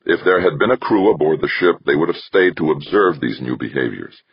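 A man's voice: very deep voice, breathy edge, no echo, voice pushed up, heavily acted. A man voicing a persuasive male station director. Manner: calm, deliberate. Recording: dull, dry lo-fi recording.

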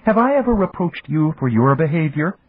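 A man with a very husky voice voicing a proud, stubborn young woman in an audiobook. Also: a little high, sing-song, a little fast, no room sound, voice pushed up. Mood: defiant. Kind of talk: audiobook character voice. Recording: dry, tinny phone-like audio.

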